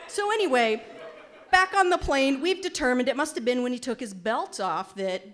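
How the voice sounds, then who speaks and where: A woman in her forties telling a funny personal story at a live storytelling night, animated and wry, with good comic timing. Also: medium pitch.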